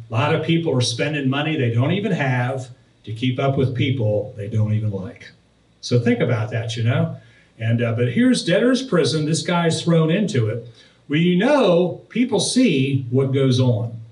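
Man preaching a sermon from a distance. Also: medium pitch. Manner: storytelling preacher, reads scripture aloud. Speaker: pastor. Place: church sanctuary. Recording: roomy, distant from the mic.

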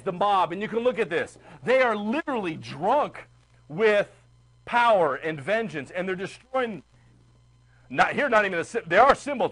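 A man teaching a history class in a classroom, animated and chatty, often checking in with the students. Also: high-pitched, poor audio. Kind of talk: classroom lecture.

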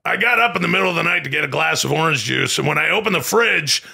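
A man doing a gravelly blustering conspiracy host. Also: on the high side, lively intonation, quick pace, bright, forceful tone, full character voice. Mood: blustery. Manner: stammering, blustery delivery. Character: ranting gravelly middle-aged male conspiracy radio host. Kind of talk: comedic impression.

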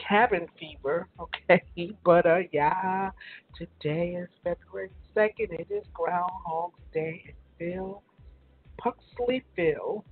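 A woman hosting a casual morning radio show, chatty and relaxed, with a raspy morning voice. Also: mid-range voice. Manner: chatty, laughs easily, many fillers. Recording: phone-line internet radio.

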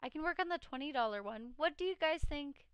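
Tired high-voiced woman streamer. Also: lively intonation, a little fast, fairly bright tone, no room sound. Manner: chatty, reads chat aloud, frequent laughs. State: tired, voice cracking. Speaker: live streamer. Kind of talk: casual live-stream chat.

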